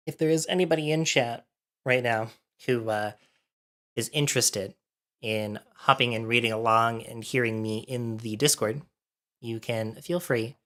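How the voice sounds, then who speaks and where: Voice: medium pitch, fairly bright tone. A livestreamer chatting casually with viewers while setting up, a bit out of breath from allergies and thinking aloud.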